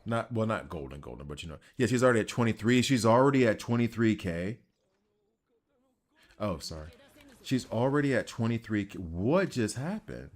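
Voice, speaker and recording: A man's voice: fairly low pitch, sing-song, moderate pace. A man with a Southern accent giving casual, rambling commentary while he plays a video game. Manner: rambling, self-deprecating, chatty. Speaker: gaming channel host.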